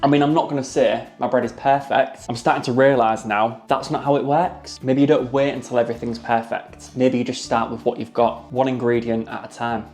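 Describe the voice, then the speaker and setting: A man's voice: mid-range voice, steady tone, a little fast, few pauses, darkish tone, soft background music. A man vlogging about his home garden and baking, talking to camera in an earnest, chatty, self-mocking way. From Yorkshire, England. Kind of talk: casual vlog talk to camera.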